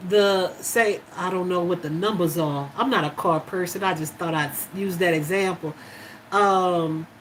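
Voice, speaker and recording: A woman's voice: medium pitch, a little hiss or hum, poor audio. A woman chatting casually on a live stream about spirituality, with many fillers and easy laughter. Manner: warm, emotional, laughs easily, many fillers. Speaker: spiritual live-chat host.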